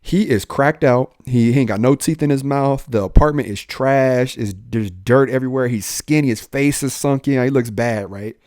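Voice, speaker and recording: A young police officer telling his own life story, candid and animated, acting out the dialogue with street slang. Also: mid-range voice, normal speed, few pauses, no room sound, clean studio sound.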